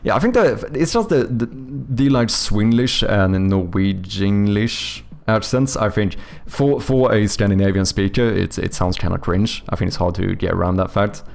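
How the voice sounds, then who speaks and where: A man's voice: fairly low pitch, gravelly. A man with a Swedish accent, a streamer and game developer chatting casually and thinking aloud, often stopping to correct himself. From Sweden. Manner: halting, self-correcting, thinks aloud while answering chat. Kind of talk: casual live-stream chat.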